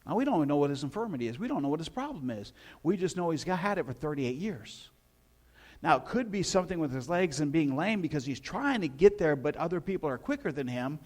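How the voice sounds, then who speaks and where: Conversational preacher with a slightly high voice. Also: male voice, sing-song, quick pace, darkish tone. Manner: conversational, folksy, asks the listeners questions. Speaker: pastor. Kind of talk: sermon.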